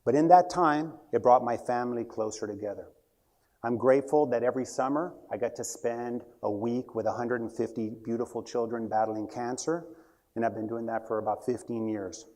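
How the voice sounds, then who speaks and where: A man's voice: medium pitch, fairly even intonation, moderate pace, darkish tone. A middle-aged man giving a short talk, telling a story with asides.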